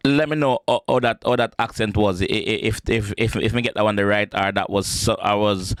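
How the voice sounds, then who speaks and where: A young Jamaican man hosting a reaction video, chatting in an animated, stammering way. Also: on the low side, fairly quick, no room sound, clean studio sound. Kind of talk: casual reaction commentary.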